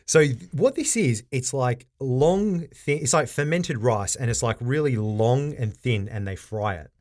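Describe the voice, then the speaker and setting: A man co-hosting a casual podcast, who laughs often and acts out quotes in a raised, animated voice. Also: mid-range voice, measured pace. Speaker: podcast co-host.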